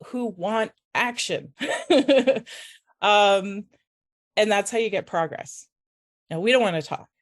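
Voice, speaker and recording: Teary woman prof talking at a conference, halting, keeps restarting. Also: mid-range voice. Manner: emotional, halting, many restarts. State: tearful. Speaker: faculty member speaking at a conference. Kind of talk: personal conference talk. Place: conference room.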